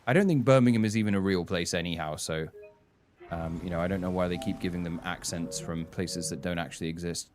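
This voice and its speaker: Guy streaming a game, low-ish voice, rambles, swears a lot. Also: a little fast. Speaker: gaming streamer. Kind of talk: casual live-stream commentary.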